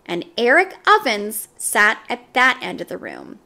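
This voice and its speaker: A woman reading a children's chapter book aloud, with expressive, animated narration. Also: a little high, a little slow, gravelly. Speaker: storybook reader.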